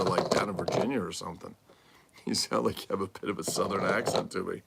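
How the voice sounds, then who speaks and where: Low gravelly-voiced man chatting live. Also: steady tone, quick pace, a bit bright, slight background noise. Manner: rambling, answers viewer comments aloud. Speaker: livestream host and toy collector. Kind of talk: casual live-stream chat. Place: home room full of collectibles.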